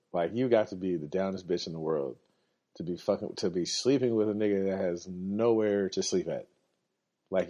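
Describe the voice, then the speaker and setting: A man's voice: low-pitched, warm tone. A man hosting a podcast, telling rambling, profane stories in a casual monologue, sick and coughing, and laughing often. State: under the weather, coughing. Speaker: podcast host. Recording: dull lo-fi recording.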